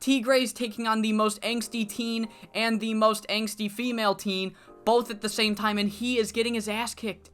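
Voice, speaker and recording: A woman hosting a video series, casually recapping her wrestling management game save with a lively, swearing manner. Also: fairly high pitch, normal speed, few pauses, soft background music.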